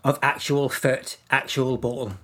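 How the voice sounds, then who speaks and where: Deadpan man telling odd facts. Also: mid-range voice, unhurried. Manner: dry, deadpan delivery. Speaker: podcast co-host presenting facts. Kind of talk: casual comedic podcast chat.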